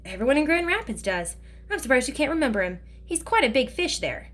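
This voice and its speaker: A woman reading aloud, voicing a teasing older man in a storybook, with her voice raised a little above her usual pitch. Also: big pitch swings, fairly quick. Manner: teasing, joking drawl.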